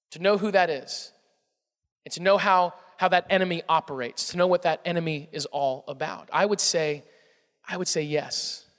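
A man's voice: sits high, bright, forceful tone, in a large hall. A male pastor with a Southern American accent preaching a conversational sermon, often repeating words and putting questions to the congregation.

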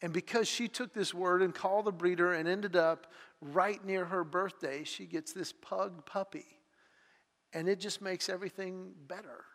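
A pastor with a notably high, fairly bright voice gives an earnest, heartfelt sermon, sharing personal stories as his intensity builds. He speaks at a moderate pace with fairly even intonation, his words carrying on the long reverb of a large church hall.

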